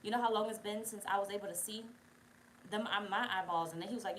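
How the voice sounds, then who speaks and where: A woman's voice: mid-range voice, steady tone, fast talker, fairly bright tone, slight background noise, low-quality recording. A young woman hosting a casual tarot livestream, chatty, profane and digressive, bossing her viewers around. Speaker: tarot reader, channel host.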